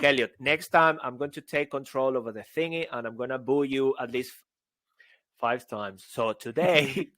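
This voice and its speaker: A man co-hosting a podcast as a public speaking coach, talking in a playful, casual way with sudden excited outbursts. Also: mid-range voice, no echo, studio quality. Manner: playful, bursts into excited shouts.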